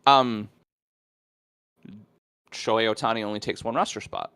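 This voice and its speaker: A man's voice: lowish voice, fairly even intonation, unhurried, fairly bright tone, clear, resonant tone. A man co-hosting a podcast, thinking aloud casually about sports with many "I mean"s. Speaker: podcast co-host.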